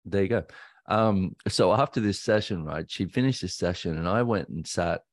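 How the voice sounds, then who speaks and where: Australian male podcast host, very low voice, dry close sound, halting candid storytelling. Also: no room sound. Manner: candid, halting, self-correcting. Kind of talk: personal storytelling monologue.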